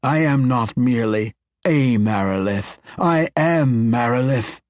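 A man's voice: medium pitch, slow, no room sound, clean studio sound, lightly acted. A man voicing a huge six-armed female snake demon in an audiobook, with a purring, mocking delivery. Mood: mocking menace. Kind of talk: audiobook character voice.

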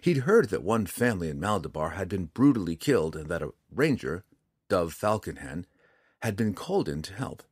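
Deep-voiced male audiobook narrator. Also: slightly rough, no echo, clean studio sound. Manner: measured, expressive storytelling. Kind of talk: scripted fantasy narration.

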